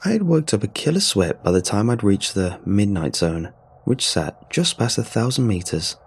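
A male storyteller reading a first-person adventure in a wry, sardonic tone. His voice sits low and gravelly, with a husky rasp. Steady scripted narration. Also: normal speed.

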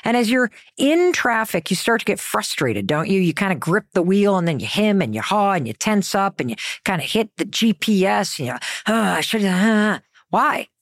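A woman speaks straight into a close, dry microphone in an upbeat coaching style. Her voice sits at a middling pitch, and she keeps firing rhetorical questions at the listener. It sounds like a motivational podcast host pushing her audience to change how they think. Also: very animated, moderate pace, hardly any pauses, no room sound. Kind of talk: motivational talk.

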